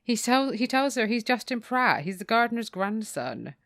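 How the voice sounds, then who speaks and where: On a book podcast, a female co-host sums up the plot and reads passages in a slightly high, sing-song, bright voice at normal speed, with no room sound. She delivers the quotes with dry, mock-dramatic relish and laughs a lot.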